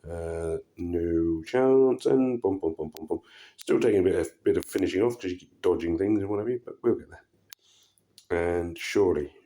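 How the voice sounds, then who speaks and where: A man giving casual commentary over his own puzzle game, relaxed and muttering to himself with frequent pauses and fillers. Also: low voice. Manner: relaxed, muttering asides with many ums. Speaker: gaming channel host.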